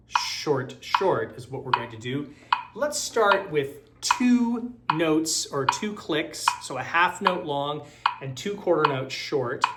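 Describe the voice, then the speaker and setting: Man teaching violin, calm and explanatory. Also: fairly high pitch, very noisy. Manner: relaxed and explanatory, thinking aloud with fillers; counts beats and calls out rhythms while playing. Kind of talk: online music lesson. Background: violin playing.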